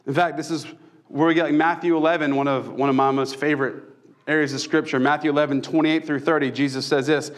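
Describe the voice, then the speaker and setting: A man's voice: a little high, flat delivery, quick pace. A young man, preaching a casual sermon with self-deprecating humor. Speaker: pastor.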